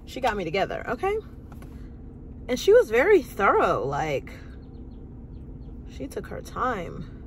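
Sassy, animated woman vlogger. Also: a little high, unhurried, long pauses, a little hiss or hum. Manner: animated, sassy, acts out quoted voices. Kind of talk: casual storytelling to camera.

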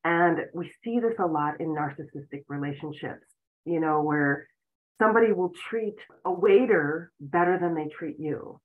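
A woman's voice: deep voice, moderate pace. A woman giving an earnest self-help talk as a relationship and spiritual coach, explaining points with frequent "you know"s. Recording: tinny phone-like audio.

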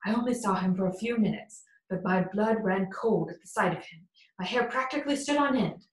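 A woman's voice: medium pitch, a little fast, natural voice. Brief: woman reading a fearful male butler, pleading, audiobook, echoey room. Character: loyal, frightened older male butler. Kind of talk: audiobook character voice. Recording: roomy echo.

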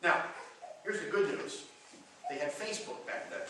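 A man preaches in a sermon, bringing a scripture story to life by acting out what its figures say. His voice sits high and bright. It rings through a very echoey hall, picked up from some way off the mic. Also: moderate pace, far from the mic, a little hiss or hum. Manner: retells scripture with dramatized quotes.

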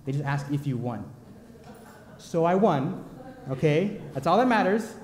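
Animated young man preaching in an echoey hall. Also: a little high, a little slow. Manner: animated, playful storytelling with asides. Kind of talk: sermon with personal stories. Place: church sanctuary.

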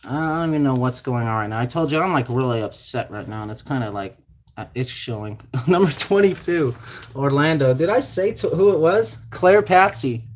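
A man's voice: medium pitch, expressive, normal speed, a little hiss or hum. A man hosting a card break, calling out card names and numbers in chatty, casual talk, sounding flustered and distracted. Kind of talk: casual card-opening commentary.

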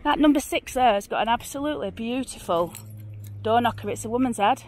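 A woman with an Oldham accent drifting toward Yorkshire rambles and exclaims as she films herself walking the streets. Her voice sits a touch high, and it is recorded outdoors on a handheld phone with faint traffic behind. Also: animated, a little fast. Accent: Oldham, with creeping Yorkshire. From Oldham, northwest England. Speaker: vlogger. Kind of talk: walking tour vlog. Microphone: handheld phone camera.

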